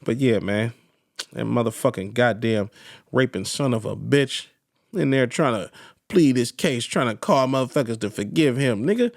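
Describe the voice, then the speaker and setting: A young man from East Oakland with a Bay Area accent, hosting a podcast and delivering a loud, profane comedic rant that swings between high yelps and low growls. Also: expressive, moderate pace, gravelly, dry recording, clean studio sound. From East Oakland, California. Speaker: podcast host.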